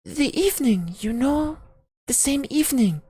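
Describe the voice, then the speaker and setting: A woman voicing a naive young daughter who speaks in a high, earnest, pleading way. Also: lively intonation, moderate pace, dark tone, dry recording, clean studio sound.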